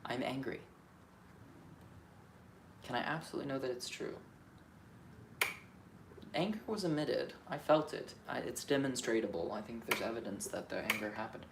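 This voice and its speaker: A man on a solo vlog, thinking aloud in a candid, self-questioning way, shifting between quiet muttering and emphatic, profane outbursts. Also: mid-range voice, normal speed, gravelly, pauses often. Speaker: vlogger. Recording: roomy echo with faint ambient noise.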